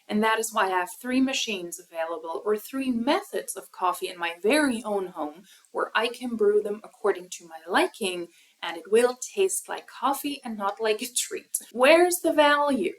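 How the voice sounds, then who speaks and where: A woman's voice: mid-range voice, poor audio. A woman giving critical, sarcastic commentary on a livestream she is reacting to.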